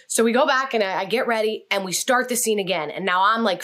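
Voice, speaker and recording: A woman telling stories in an interview, animated and acting out the voices in her quotes. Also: fairly quick, hardly any pauses. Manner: animated, acts out quotes with big pitch jumps. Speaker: guest, actress and communication coach. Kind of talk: storytelling in an interview.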